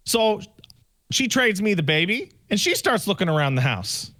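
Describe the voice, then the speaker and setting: A man co-hosting a podcast, telling a story in a casual, animated way and acting out the dialogue himself. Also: sits high, moderate pace. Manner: animated, acts out quoted dialogue. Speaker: podcast co-host.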